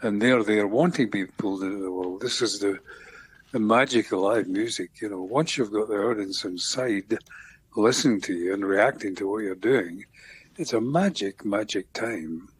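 An older man with a Scottish accent, a songwriter being interviewed on radio, talking in a reflective, unhurried way with many pauses and restarts. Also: on the low side, slight background noise. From Scotland. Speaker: guest songwriter.

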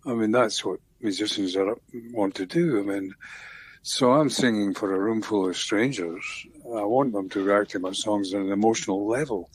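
An older man with a Scottish accent, a songwriter being interviewed on radio, talking in a reflective, unhurried way with many pauses and restarts. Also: fairly low pitch, slightly rough. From Scotland. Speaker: guest songwriter.

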